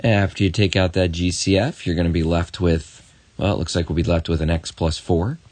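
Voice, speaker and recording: A man teaching a math lesson on video, encouraging and talking straight to the student with quick asides. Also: low voice, steady tone, darkish tone, no echo.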